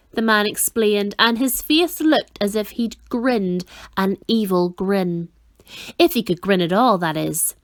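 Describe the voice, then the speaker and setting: A woman reading a children's novel aloud in an expressive storytelling manner. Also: medium pitch, unhurried, no room sound, clean studio sound. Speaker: reader.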